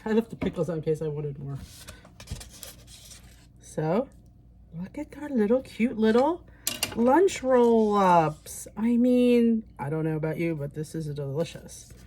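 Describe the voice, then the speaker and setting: A woman's voice: medium pitch, lively intonation, a little slow, mellow, a little hiss or hum. A middle-aged woman hosting a casual cooking vlog in her home kitchen, chatty and upbeat as she talks to viewers. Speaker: cooking channel host.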